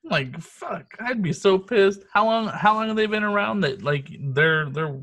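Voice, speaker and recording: A man's voice: high voice, lively intonation, a little slow, fairly bright tone. A man co-hosting a podcast, chatting casually and profanely about a movie, laughing and telling stories with animation. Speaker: podcast co-host. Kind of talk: casual chat reviewing a movie.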